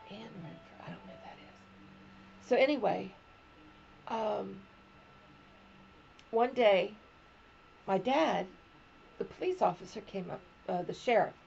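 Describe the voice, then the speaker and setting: Gravelly older woman telling family stories. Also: mid-range voice, warm tone, lo-fi sound, a little hiss or hum. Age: 70s. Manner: rambling personal storytelling. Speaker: crochet podcast host. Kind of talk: casual chat.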